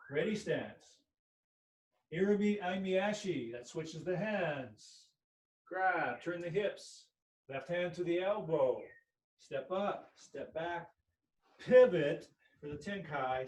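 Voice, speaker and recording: A male aikido instructor teaching an online class, calling out short technique cues while he demonstrates. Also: a little high. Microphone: laptop or camera mic at a distance. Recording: echoey room, distant mic.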